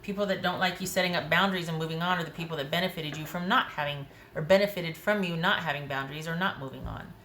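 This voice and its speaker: A woman's voice: low-pitched, fast, few pauses, fairly bright tone. A woman giving a tarot reading to camera in a frank, conversational way, talking to herself as she pulls cards. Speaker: tarot reader. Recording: echoey room with faint noise.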